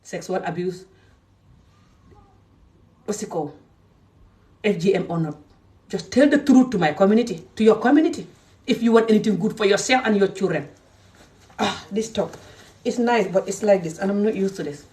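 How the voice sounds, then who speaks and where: A woman's voice: mid-range voice, animated, fairly quick, distant mic. Fiery woman ranting to camera. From Gambia. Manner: passionate, emphatic, scolding. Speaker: vlogger. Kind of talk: direct-to-camera rant.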